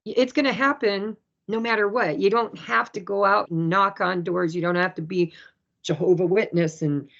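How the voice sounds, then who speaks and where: A woman chatting casually about spirituality, telling stories with lively energy and acting out other people's words. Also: mid-range voice, normal speed, creaky. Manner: animated, storytelling, acts out quoted people. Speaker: spiritual speaker. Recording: dull lo-fi sound.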